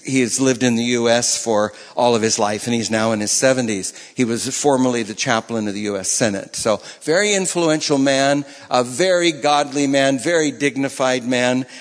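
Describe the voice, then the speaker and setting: A man delivers a sermon in a loose, conversational way, circling back and restarting his phrases as he builds a point. His voice sits at an ordinary middle pitch. The sound carries the long reverb of a large hall. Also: fairly even intonation, moderate pace, hardly any pauses. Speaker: pastor.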